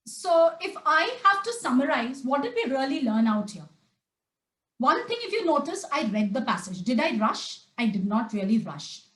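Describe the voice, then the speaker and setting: A woman's voice: high voice, big pitch swings, normal speed, a bit bright, reverberant, poor audio. A woman tutor leading a live class, questioning the students and then answering herself. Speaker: test prep tutor. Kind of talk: live online class lecture.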